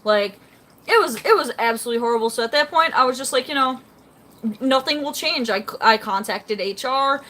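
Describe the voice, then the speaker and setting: Young woman, livestreamer, chatty and rambling, slightly high voice, faint room noise. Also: lively intonation, fairly quick, fairly bright tone. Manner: rambling and chatty, reading out chat comments. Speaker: fish-keeping livestreamer. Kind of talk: casual live stream chat. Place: home, beside her fish tank.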